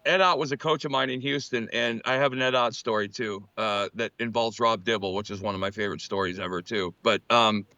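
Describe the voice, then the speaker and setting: A former pitcher telling animated baseball stories in a casual chat, often restarting his sentences. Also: brisk, hardly any pauses, dry recording, lo-fi sound. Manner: animated anecdotes, frequent restarts. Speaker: former MLB pitcher, co-host.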